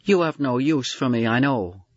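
A man's voice: mid-range voice, expressive, normal speed, no echo, highs cut off, pitched above the performer's own voice, lightly acted. A man voicing a blunt, plain-spoken young man who backs away from an admirer. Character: blunt, awkward young man, reluctant suitor.

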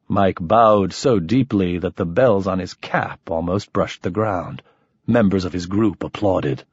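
Husky low-voiced male narrator. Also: a little slow, dry recording, highs cut off. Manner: expressive, shifting voices for characters. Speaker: audiobook narrator. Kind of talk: first-person fiction narration.

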